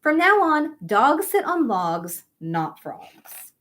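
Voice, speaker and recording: A woman's voice: high voice, sing-song, slow pace, a bit bright, voice pushed up, full character voice. A woman voicing a bossy, clever frog from a picture book, delivering its rhymes emphatically in a sing-song way. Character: bossy, clever frog making new rules.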